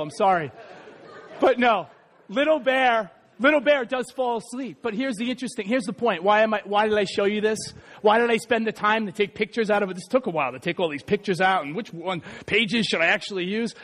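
Very high-pitched man giving a conversational sermon, joking aside to the crowd. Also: fast, a bit bright. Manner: chatty, self-deprecating, many asides. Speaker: preacher.

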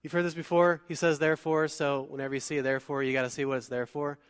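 Man, pastor, smooth resonant voice, casual preaching with jokes, long church-hall reverb. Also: on the high side. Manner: conversational, joking asides, reads scripture slowly. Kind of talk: sermon.

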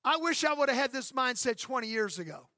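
A man's voice: extremely high pitch, very animated, fast talker, sharp tone, no echo, studio quality. A man in his fifties, a pastor preaching an emphatic sermon and calling out for amens. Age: 50s. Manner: emphatic preaching with calls for amen.

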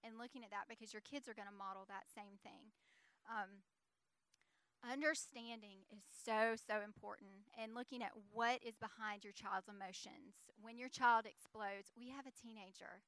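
Earnest middle-aged woman, seminar co-presenter, bright tone, dry close mic. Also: mid-range voice, fairly even intonation, moderate pace, clean tone, no room sound. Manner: earnest, many "um" fillers. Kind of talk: conversational teaching.

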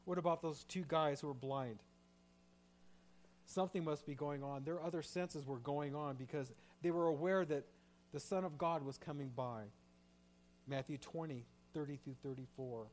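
A man's voice: on the high side, moderate pace, slight background noise. Man preaching a heartfelt sermon. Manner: shifts from quiet reflective to loud impassioned pleading. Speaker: pastor.

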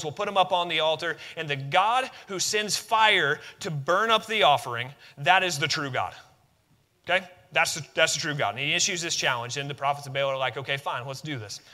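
A man's voice: fairly high pitch, sharp tone, in a large hall. A man preaching a sermon in a conversational, emphatic way, asking rhetorical questions and adding humor.

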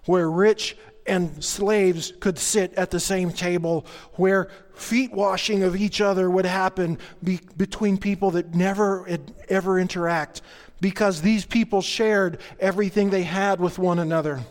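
A man preaching a sermon, joking with the congregation and building to excited energy. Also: high voice, a little slow, big-room sound. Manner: playful, jokey asides to the congregation. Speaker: pastor.

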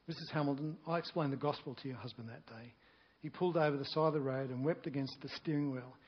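A man doing a soft-spoken young ex-soldier. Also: medium pitch, steady tone, fast, highs cut off, slight background noise, lightly acted. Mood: earnest. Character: young man, a former soldier, earnest and gentle.

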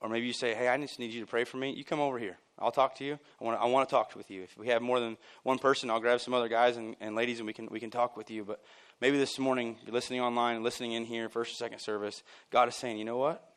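A man preaching a sermon at a church service, emphatic and casual, jumping from loud bursts down to near-quiet lines and dropping in chuckling asides. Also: mid-range voice, level tone, fast, few pauses. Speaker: pastor.

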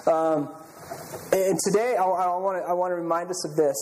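A man's voice: high voice, normal speed, darkish tone, a little hiss or hum, low-quality recording. A middle-aged male pastor preaching a sermon, telling stories in an earnest, conversational way with frequent restarts.

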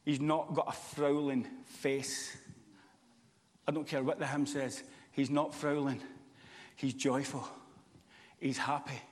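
A man preaching a sermon in church, swinging from loud, impassioned calls to quiet, confiding stories. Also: mid-range voice, little pitch movement, slow pace, long reverb tail.

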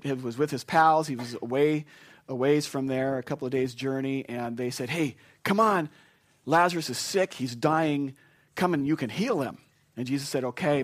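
Male pastor at a funeral, mid-range voice, animated storytelling that swells into excitement. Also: mid-range voice. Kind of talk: funeral sermon.

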